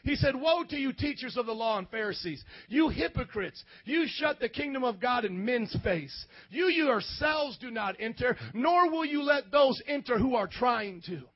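A young man preaching a casual, slangy youth sermon in a church, acting out voices and rising to shouts. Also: very high voice, animated, moderate pace, few pauses, no echo, dull audio. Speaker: youth pastor.

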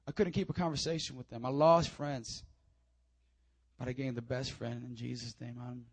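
A young man preaches a sermon in a church, his voice sitting high for a man. He surges into loud, urgent appeals, then drops into quiet, confiding asides as he tells his own story. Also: fairly quick, no echo. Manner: impassioned preaching, swinging between loud urging and low confiding asides. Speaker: pastor. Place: church sanctuary.

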